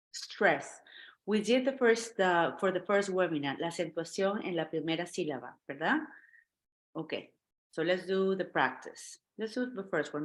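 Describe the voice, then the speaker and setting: A woman teaching an online English class, encouraging her students and checking in with them often. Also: on the low side.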